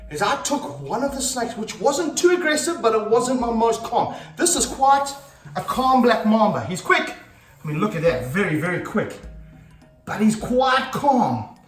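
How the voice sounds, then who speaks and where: In an echoey indoor room with slippery floors, a high-voiced man, a snake handler and vlog host, talks casually to camera at a moderate pace while handling a snake. He's energetic and breathless, coaxing the snake between explanations. His voice sounds a bit distant from the mic amid a roomy echo and faint music.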